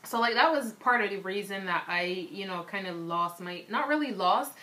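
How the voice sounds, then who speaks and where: A woman's voice: mid-range voice, expressive, normal speed, bright, forceful tone. A young woman from Barbados, with a Barbadian accent that drifts toward American, frankly telling stories to camera and filling her talk with "um" and "like". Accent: Barbadian, shifting toward American. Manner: frank and candid, with lots of fillers like "um" and "like". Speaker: vlogger. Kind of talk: casual storytelling to camera.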